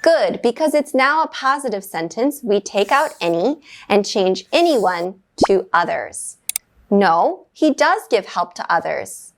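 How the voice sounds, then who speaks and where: A woman teaching an English grammar lesson, explaining in a clear, measured way and giving short upbeat praise after each exercise. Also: medium pitch, big pitch swings, slight background noise.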